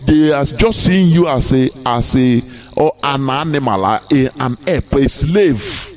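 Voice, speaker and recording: A man's voice: mid-range voice, lively intonation, a little slow, a little mellow, soft background music. A man with a Nigerian Igbo accent giving a live broadcast speech, emphatic and full of repeated rhetorical questions. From southeastern Nigeria. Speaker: activist broadcaster.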